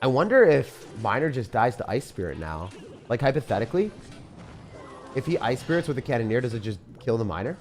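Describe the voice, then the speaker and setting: A young man commentating his own game on a live stream, fast and jokey, chatting to viewers as he plays. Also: medium pitch, big pitch swings, soft background music. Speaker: gaming streamer.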